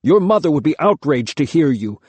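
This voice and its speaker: A male reader plays a stern father whose words come short and tight through his teeth. The voice moves lively around a middle pitch and sounds close and dry. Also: fairly quick, slightly rough, no echo. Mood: tight angry. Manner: clipped, through clenched teeth. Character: proud, cornered father, angry then pleading. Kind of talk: audiobook character reading.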